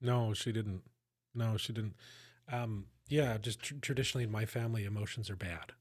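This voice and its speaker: A man's voice: fairly low pitch, steady tone, normal speed. A man co-hosting a podcast, talking in an earnest, reflective way and often checking in with his listeners. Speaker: podcast co-host. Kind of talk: casual conversation.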